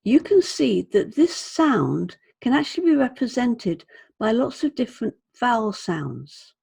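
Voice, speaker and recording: A woman's voice: fairly high pitch, big pitch swings, a little slow, gravelly, darkish tone, husky. A British woman teaching English pronunciation, carefully demonstrating sounds by repeating words. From Britain. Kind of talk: slow, careful pronunciation lesson.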